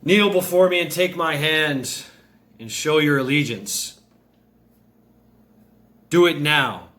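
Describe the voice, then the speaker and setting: A man's voice: mid-range voice, expressive, slow, a bit bright. A man voicing a half-corpse goddess who rules the dead, imperious and resentful, giving orders. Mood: commanding.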